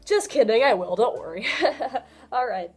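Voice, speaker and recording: A young woman talks through casual advice in a fairly high voice, chatty and prone to little laughs. Her pitch jumps around as she gets excited. Soft music plays faintly under her. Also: measured pace. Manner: chatty, laughs often, lively swings in pitch. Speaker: vlogger.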